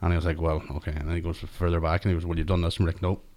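A man's voice: sits low, level tone, very fast, a little mellow. A man in casual, sweary chat, laughing often as he tells a story from school.

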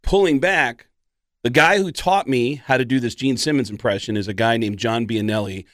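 A man's voice: mid-range voice, normal speed, no echo, studio quality. A man, a comedian guest, telling stories in casual podcast chat and slipping into impressions. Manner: animated, slips into impressions.

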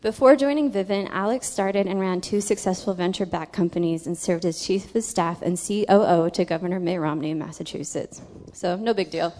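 A woman's voice: on the low side, fairly even intonation, fairly quick, few pauses, dark tone. A woman hosting an interview, reading a guest's introduction and then asking questions with dry, wry asides. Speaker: interviewer, host.

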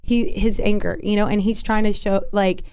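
Young woman guest, mid-pitched, rambling casual storyteller, lots of fillers and restarts. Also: fairly even intonation, normal speed, darkish tone, clean tone.

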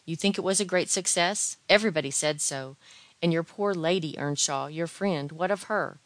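A woman reading aloud, voicing a timid, fussy gentleman who gives solemn advice in a mournfully comic tone. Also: on the low side, normal speed, no room sound, lightly acted. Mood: anxious. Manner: solemn, lamenting, earnest advice.

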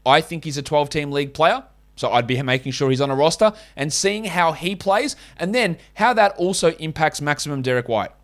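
An Australian man hosts a podcast, offering casual, blunt, opinionated sports analysis with the occasional swear word. His voice sits on the high side, with lively intonation and a slightly fast pace.

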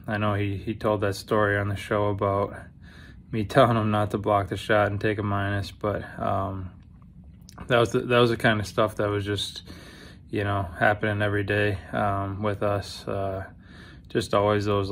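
A man recording a subdued video tribute to a former teammate, halting with many fillers. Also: fairly low pitch, fairly bright tone, a little hiss or hum.

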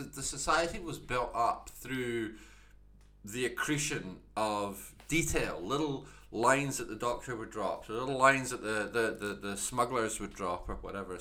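Bright-voiced Scottish man, critical podcast talk. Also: mid-range voice. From Scotland. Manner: critical, thoughtful, frequent restarts. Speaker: podcast co-host. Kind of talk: casual discussion podcast.

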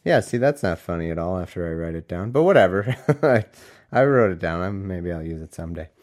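A young man reading scripture aloud and mocking it in casual, sarcastic solo commentary, going from loud bits to mumbled asides. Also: low-pitched, lively intonation, a little fast.

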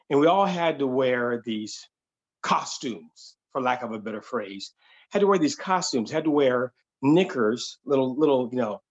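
A man spins a comic story in a stand-up storytelling style, slipping into voices as he acts out the people in it. His voice is husky and a little breathy. The recording sounds somewhat dull and muffled. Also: mid-range voice. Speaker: stand-up comedian.

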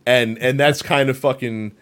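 A man co-hosting a gaming podcast, telling a long game story in a rambling, animated way, full of fillers and swearing. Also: medium pitch, normal speed. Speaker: podcast co-host. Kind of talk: casual chat.

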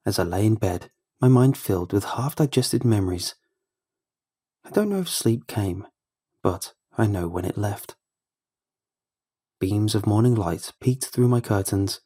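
Low-voiced man narrating horror. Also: animated, warm tone. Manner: measured, ominous.

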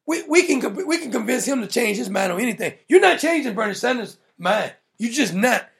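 A man's voice: very high voice, expressive, fairly quick, vocal fry, hardly any pauses, fairly bright tone, slightly rough. A man hosting a political talk show, ranting in an emphatic, mocking, blunt way. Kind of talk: opinionated political rant.

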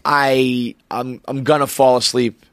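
A man's voice: mid-range voice, level tone, measured pace, a bit bright, dry recording. A man, young adult, hosting a casual chat and telling a rambling, swearing story. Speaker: podcast host.

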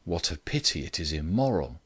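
A man voicing an exultant gentleman who speaks in a grand, chanting way with slow emphasis. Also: deep voice, big pitch swings, husky, no room sound, studio quality, full character voice.

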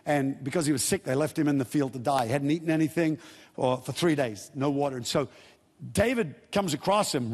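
Husky-voiced man preaching in a hall. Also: fairly high pitch. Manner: storytelling, retells scripture in casual modern words. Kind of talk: sermon.

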